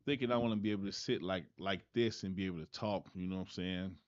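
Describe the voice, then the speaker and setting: A man with a very deep voice runs a relaxed mic check, counting off and musing to himself as he adjusts his settings. The sound is dry and a little dull, like a lo-fi home recording. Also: fast talker, no echo. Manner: laid-back, thinking aloud, often tags lines with "man". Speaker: person testing his microphone setup. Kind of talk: casual mic-check talk.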